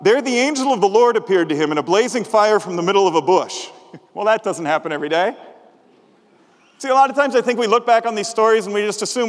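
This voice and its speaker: High-voiced pastor preaching in a hall. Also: male voice, lively intonation, quick pace. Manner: conversational, humorous, asks the congregation questions. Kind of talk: sermon. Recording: long reverb of a large hall.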